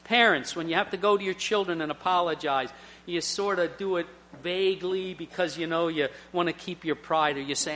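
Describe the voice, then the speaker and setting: A middle-aged male preacher delivers a sermon in a high, bright, forceful voice. He weaves in personal stories with earnest honesty. His delivery rises into emphatic swells. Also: brisk.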